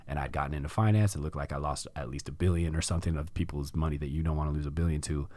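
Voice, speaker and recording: A man's voice: very deep voice, steady tone, very fast, dark tone, no echo. A middle-aged man hosting a podcast, telling a personal story in casual conversation and acting out his own past reactions. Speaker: podcast host.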